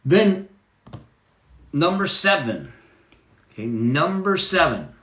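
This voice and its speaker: A man's voice: a little high, sing-song, slow, a bit bright, echoey room. A man giving a live motivational talk about money, emphatic, repeating key phrases and checking in with "okay?".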